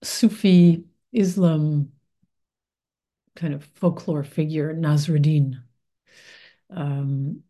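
A middle-aged American woman muses aloud in a reflective spiritual talk, circling back on her words with frequent fillers and restarts. Her voice sits on the lower side and has a mellow, warm tone. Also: fairly even intonation, extremely slow, pauses often. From United States. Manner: thoughtful, meandering, many fillers and restarts.

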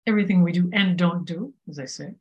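A woman giving a reflective spiritual talk, unhurried and full of pauses and fillers. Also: lowish voice, highs cut off. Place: Paris.

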